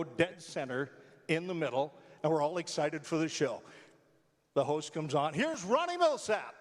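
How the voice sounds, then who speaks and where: An older man, a longtime radio personality, tells heartfelt stories on a theatre stage. His voice runs a little high and he tells them with animated, emotional energy. The sound carries a long reverb from the hall. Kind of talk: storytelling speech to a live audience.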